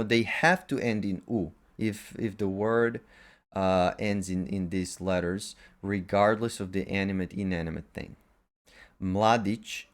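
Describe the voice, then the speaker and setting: Slow, methodical male language teacher. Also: on the low side. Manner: methodical, lists words in pairs with brief asides. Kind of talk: explanatory language lesson.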